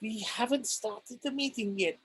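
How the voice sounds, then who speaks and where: Un hombre interpreta a un presidente de consejo pedante y discutidor con un acento ruso exagerado a propósito. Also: male voice, high-pitched, measured pace, fairly bright tone, husky, heavily acted, rough recording. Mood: argumentative. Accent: deliberately bad Russian accent. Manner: pedantic, argumentative. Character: stubborn pedantic male council chairman. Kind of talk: comic re-enactment.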